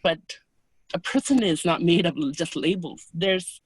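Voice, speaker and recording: A woman as an interview guest, calmly recounting personal experiences in a soft, unhurried, hesitant way. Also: on the low side, breathy edge, no echo. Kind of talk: personal storytelling in conversation.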